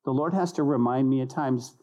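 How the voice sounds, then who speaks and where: A man, a pastor, preaching an animated sermon who acts out little voices and repeats key phrases for emphasis. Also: mid-range voice, fairly quick, dull audio. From United States.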